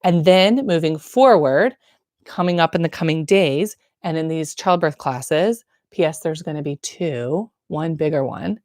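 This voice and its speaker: Frank, slangy woman with a lowish voice. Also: unhurried, darkish tone, dry recording, studio quality. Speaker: birth nurse. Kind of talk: casual direct-to-camera advice.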